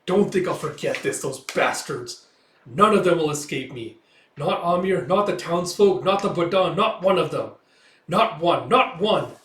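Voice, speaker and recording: A man's voice: on the high side, animated, moderate pace, fairly bright tone, voice pushed up. A man voicing a bitter, wounded older father who snarls curses and threats. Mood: vengeful. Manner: snarling, cursing, spiteful. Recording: echoey room.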